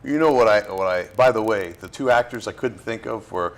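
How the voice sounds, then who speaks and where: A man's voice: lowish voice, brisk. A man from Florida, an actor being interviewed, talking in a loose, rambling way with fillers and restarts. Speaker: actor, guest. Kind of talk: casual interview.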